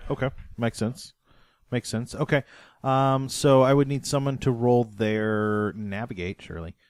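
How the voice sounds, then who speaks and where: Game master guy, halting, lots of uhs, dry close sound. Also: medium pitch, steady tone, a little mellow, smooth, no echo. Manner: halting, full of fillers and restarts. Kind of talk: running a tabletop game, casual chat.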